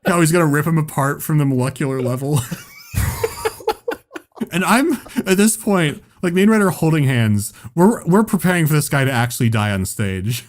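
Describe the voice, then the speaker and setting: A man tells a story in casual chat with a lively, swooping delivery. He swears freely and laughs along with his own tale, in a slightly high voice. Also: normal speed. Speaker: podcast host.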